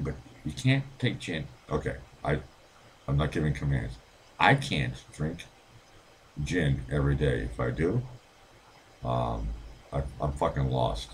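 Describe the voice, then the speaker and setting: A man's voice: a bass voice, animated, unhurried, pauses often, slight background noise. A middle-aged man hosting a livestream, reading out viewer comments and rambling in a casual, profane way with frequent laughs. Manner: rambling, swears freely, laughs often. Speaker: livestream host reading chat.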